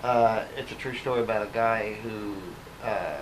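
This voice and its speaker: A man's voice: on the low side, steady tone, moderate pace, background noise. A man from Oklahoma with an Oklahoma accent, an actor guest telling folksy stories in a casual interview. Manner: folksy, chuckling storyteller.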